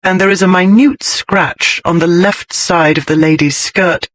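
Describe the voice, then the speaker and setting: A man voicing a composed young lady who speaks crisply and teases with dry wit. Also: sits high, fairly even intonation, unhurried, a bit bright, voice pushed up. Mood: cool teasing. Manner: crisp, poised, dryly teasing. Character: composed, witty young lady, cool and teasing.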